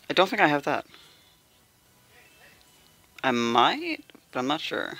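Young excitable gamer, bright gravelly tone, slow lively delivery, casual pull commentary. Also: medium pitch, no room sound, faint music behind. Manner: excitable, pleading calls and squeals. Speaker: gameplay streamer. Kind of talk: casual gacha gameplay commentary.

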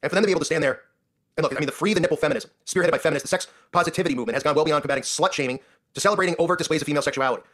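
A man with a husky, somewhat raised voice rants through his own commentary show. He talks at a breakneck pace, indignant and sarcastic, tossing in "right?" again and again. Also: fairly high pitch, very fast, a bit bright. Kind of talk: ranting commentary.

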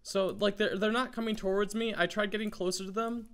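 A man with a groggy morning voice, chatting in a rambling, excitable way as he gives let's play commentary. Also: high voice, brisk, clean tone. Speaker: gaming YouTuber.

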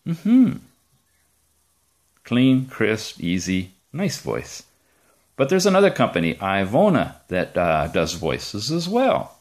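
A man's voice: lowish voice, wildly swooping pitch, slow. A man hosting a casual, chatty gadget demo from his rural home, enthusiastic and joking. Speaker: tech reviewer host.

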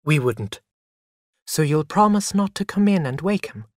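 Storybook casting: a gentle, coaxing young mother voiced by the narrator, pitched up high with a lively, sing-song lilt. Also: unhurried, no room sound, studio quality, natural voice. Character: gentle young mother soothing her little son. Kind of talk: storybook reading.

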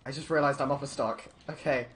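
A young man giving excited, stammering live commentary on his game stream, laughing often. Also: mid-range voice, fast, a little hiss or hum.

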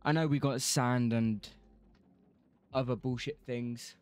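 A man drawls through his gameplay in casual, unhurried chat. He drifts between topics, swears freely and half-sings snatches of songs, with faint music playing underneath. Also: medium pitch, fairly even intonation, clear, resonant tone, no room sound. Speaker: streamer.

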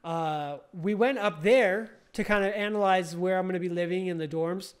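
A man's voice: sits high, normal speed, clean tone. A young man casually recounting a story, rambling with lots of fillers and restarts. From California. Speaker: podcast host.

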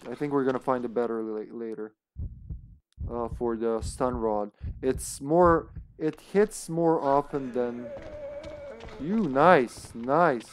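A man's voice: mid-range voice, slow, a little hiss or hum. Chatty man streaming a game. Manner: chatty, thinks aloud, laughs, sudden excited outbursts. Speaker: streamer playing online co-op. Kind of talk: live gameplay commentary.

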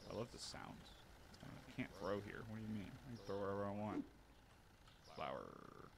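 A man giving casual gameplay commentary, narrating his own moves with animated mock outrage. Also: fairly low pitch, normal speed, background noise. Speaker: gaming streamer.

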